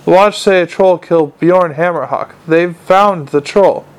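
Male narrator doing a surly troll, drawling slow. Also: high-pitched, smooth. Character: hostile male troll leader, slow-spoken.

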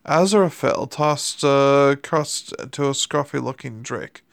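A man reading a story aloud in dry, deadpan scripted narration. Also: medium pitch, a little slow, vocal fry, no echo. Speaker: audiobook narrator.

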